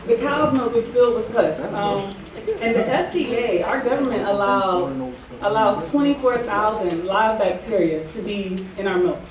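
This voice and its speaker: A woman's voice: mid-range voice, normal speed. Chatty woman speaking to a crowd. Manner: chatty, many fillers like um and you know. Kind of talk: casual talk to an audience. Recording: echoey room from far off, crowd audible.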